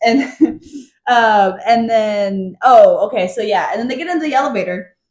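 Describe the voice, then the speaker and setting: A young woman with a somewhat high voice talks through a book recap in casual podcast chat. She laughs easily and slips into characters' lines as she goes. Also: normal speed. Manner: chatty, laughs often, acts out characters' lines. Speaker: podcast co-host.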